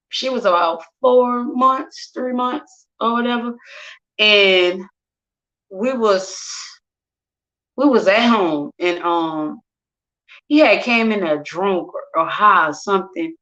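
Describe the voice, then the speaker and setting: Candid woman with a bright voice. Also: medium pitch, takes it slowly, pauses often. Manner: casual, candid, conversational, acts out quoted voices. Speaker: host telling her own story. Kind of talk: personal storytelling. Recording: dull lo-fi sound.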